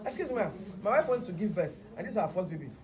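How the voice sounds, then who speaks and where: A woman's voice: medium pitch, very animated, very fast, a crowd in the background, pitched below the performer's own voice, close to an everyday voice. A woman with a Nigerian accent voicing an earnest, nervous young man who is about to become a first-time father, and pleading politely.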